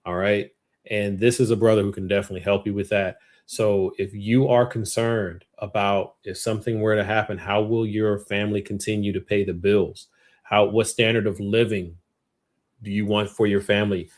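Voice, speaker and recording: A man with a somewhat low voice hosts a casual online chat show. He speaks in a relaxed, halting way, filling pauses with ums. The sound is that of a video call. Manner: relaxed, hesitant with many ums. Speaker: host.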